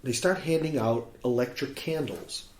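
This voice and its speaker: A man's voice: medium pitch, moderate pace, a little hiss or hum. Guy from chicago telling a story on a podcast, acts out the quotes, kinda roomy echo on the mic. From Chicago, USA. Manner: animated storyteller who acts out quoted speech. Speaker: guest musician.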